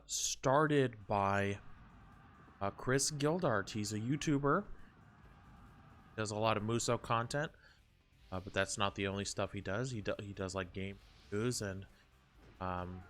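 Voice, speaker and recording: A man's voice: lowish voice, a bit bright. Rambling streamer man, chatty and casual. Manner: rambling, chatty, self-interrupting. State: a bit out of breath.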